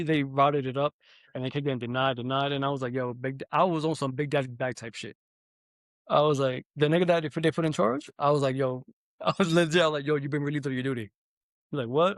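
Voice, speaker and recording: A man's voice: on the high side, quick pace, dry recording. Casual New man telling stories. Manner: animated storytelling, heavy profanity, swings loud and soft. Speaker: podcast host. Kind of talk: casual chat.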